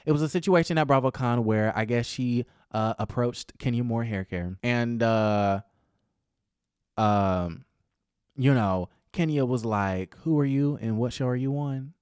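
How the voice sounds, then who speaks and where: A man's voice: mid-range voice, expressive, normal speed, a bit bright, clear, resonant tone, no echo, studio quality. A man hosting a gossip vlog, giving sassy, dramatic commentary on reality TV with playful asides. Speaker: celebrity gossip vlogger.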